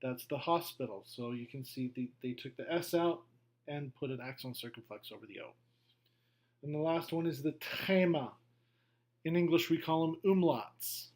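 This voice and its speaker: A middle-aged man teaching a beginner language lesson, going slowly through a worksheet, patient and repetitive with frequent okays. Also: on the high side, a little mellow. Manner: slow, patient, repeats himself with many okays. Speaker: French teacher. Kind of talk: classroom lesson walkthrough.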